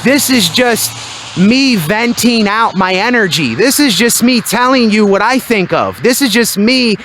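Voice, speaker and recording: Standing outdoors at night by his building, a high-voiced male vlogger holds a handheld mic close and delivers a loud, emphatic motivational speech. His intonation is lively and his pace measured, with a little hiss or hum on the recording.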